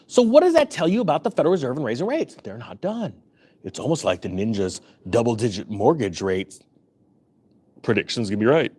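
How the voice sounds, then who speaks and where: A man's voice: mid-range voice, sing-song, brisk, a little mellow, slightly rough. A man giving sarcastic, jokey commentary on economic news, breaking into mock voices. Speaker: finance YouTuber.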